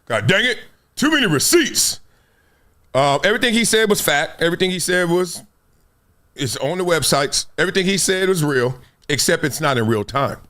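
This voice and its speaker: A man hosting a sports talk stream in a casual, slangy, animated way, laughing often. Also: fairly high pitch, moderate pace. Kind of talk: casual live-stream commentary.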